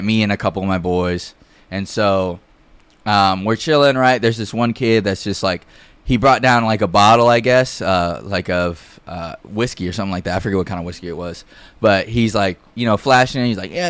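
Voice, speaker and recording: A man's voice: on the low side, clean tone, dry recording. A young man telling a casual, rambling story on a podcast, full of fillers and swearing. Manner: rambling, heavy fillers and profanity.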